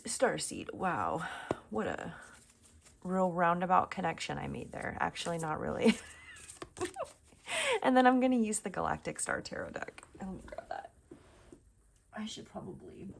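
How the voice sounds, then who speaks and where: A woman with a low voice and a gravelly, fry-laden texture gives a casual tarot reading at home. She muses aloud in a chatty way and often slips into a soft near-whisper, and she sometimes turns away from the camera mic. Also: very animated, measured pace, pauses often, background noise. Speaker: tarot reader. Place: home room.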